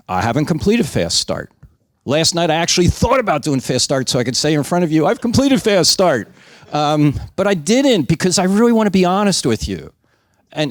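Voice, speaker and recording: Animated man giving a training talk. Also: medium pitch, no room sound, clean studio sound. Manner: animated, frank, self-deprecating asides; asks the audience for agreement. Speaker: presenter at a leadership training. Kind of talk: conversational training presentation.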